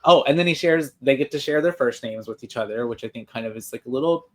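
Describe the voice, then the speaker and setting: A man's voice: mid-range voice, quick pace. A man co-hosting a podcast, retelling a movie scene by scene in casual chat, rambling with lots of fillers and restarts. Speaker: podcast co-host.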